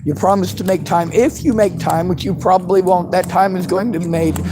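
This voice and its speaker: High-voiced man in a bitter, profane rant. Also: fairly even intonation, brisk, noisy background. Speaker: vlogger. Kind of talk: angry monologue to camera.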